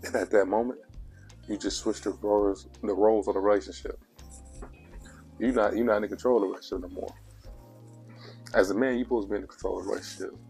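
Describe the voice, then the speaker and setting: A man's voice: lowish voice, fairly even intonation, fast talker, gravelly, long pauses, a little mellow, soft background music. A man giving blunt relationship advice in a casual vlog monologue, preachy and repetitive, with coarse language.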